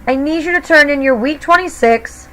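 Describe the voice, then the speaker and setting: High-voiced woman teaching Spanish grammar. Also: moderate pace, fairly bright tone, rough recording. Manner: patient, explains step by step with classroom fillers. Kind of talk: recorded classroom grammar lesson.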